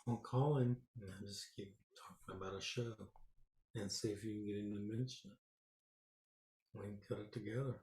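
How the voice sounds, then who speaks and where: A man co-hosting a podcast in casual chat, laid-back and quick with short replies. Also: on the low side, fairly even intonation, darkish tone, low-quality recording. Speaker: podcast co-host.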